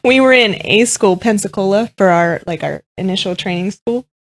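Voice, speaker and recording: A woman's voice: medium pitch, lively intonation, normal speed. A Navy veteran woman chatting casually as a guest, reacting briefly and laughing easily. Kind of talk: casual chat.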